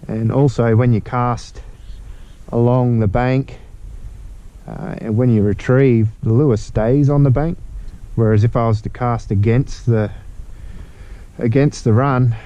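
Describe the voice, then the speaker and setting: Laid-back Australian fishing vlogger. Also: male voice, mid-range voice, fairly even intonation, a little slow, mellow, highs cut off. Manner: laid-back, chatty, talks to viewers while fishing. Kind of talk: casual outdoor vlog. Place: on a kayak outdoors on the water. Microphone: action camera.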